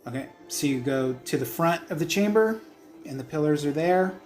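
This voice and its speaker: A man running a tabletop game as game master, narrating the scene and answering players with a relaxed, hesitant manner. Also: a little high, moderate pace, soft background music. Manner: easygoing, hesitant with ums.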